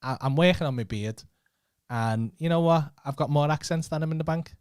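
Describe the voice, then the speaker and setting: A man's voice: fairly high pitch, brisk, darkish tone, clean tone, dry recording, studio quality. A man with a Scouse accent, hosting a casual podcast chat and teasing his guest with plenty of swearing and laughter. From Liverpool. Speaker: podcast host.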